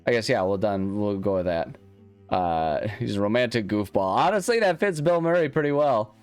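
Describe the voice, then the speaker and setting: Deep-voiced man rambling through a game. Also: animated, moderate pace, clear, resonant tone, soft background music. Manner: rambling, self-deprecating, many restarts. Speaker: let's-play host. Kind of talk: casual gameplay commentary.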